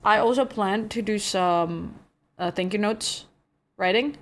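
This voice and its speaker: A young adult woman streaming, chatting casually with her viewers in a relaxed, drawling way, often saying "bro" and yawning. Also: medium pitch, unhurried. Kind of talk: casual chat with viewers, reading chat aloud.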